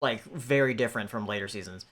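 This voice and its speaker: A man's voice: lowish voice, fast talker, fairly bright tone. A man co-hosting a podcast who reads out viewer questions in hesitant, casual chat. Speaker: podcast co-host reading viewer messages.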